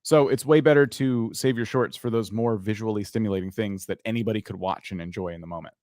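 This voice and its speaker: Animated, opinionated male live-stream host. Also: lowish voice, fast, dry recording. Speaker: channel review host. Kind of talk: casual live-stream critique.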